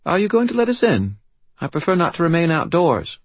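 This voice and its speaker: A man's voice: on the high side, a little fast, breathy edge, no room sound, pitched above the performer's own voice, full character voice. A man voicing a serious, eerily composed little girl of about seven with a faint British accent, speaking steadily and formally. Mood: solemn, formal. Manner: steady, assured, formal and solemn.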